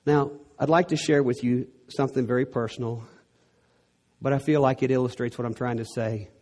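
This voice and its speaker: A man's voice: mid-range voice, fairly even intonation, fairly quick, mellow. A middle-aged man from Texas with a Texan accent, preaching a sermon in an earnest way that builds to emphatic peaks.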